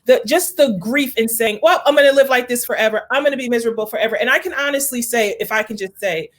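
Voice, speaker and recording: A woman's voice: a little high, fast, a bit bright. A woman hosting a heartfelt conversation, speaking earnestly and with emotion, slipping into prayerful pleading. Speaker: host.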